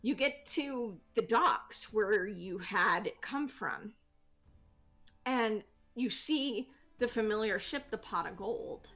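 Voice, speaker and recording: A woman runs a tabletop game as game master, narrating casually with plenty of fillers. Her voice is mid-pitched, and faint music plays underneath. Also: slow pace, a bit bright. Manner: casual, giggly, many fillers.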